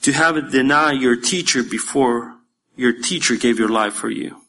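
A man, a pastor preaching a sermon in a church, emphatic at times and dropping to quiet asides. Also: mid-range voice, moderate pace, slight background noise.

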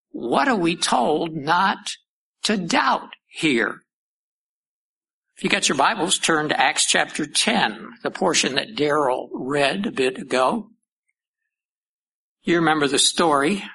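Slow-spoken male preacher, deliberate scripture teacher with gravelly, husky tone. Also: fairly high pitch, sharp tone, poor audio. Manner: slow, deliberate Bible teaching with rhetorical questions. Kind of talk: sermon.

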